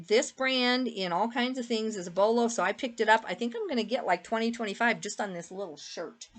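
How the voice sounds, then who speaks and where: A woman's voice: mid-range voice, a bit bright. A middle-aged woman chatting casually with many fillers as she shows her thrift finds to viewers. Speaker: eBay reseller showing a thrift haul. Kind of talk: casual haul video talk.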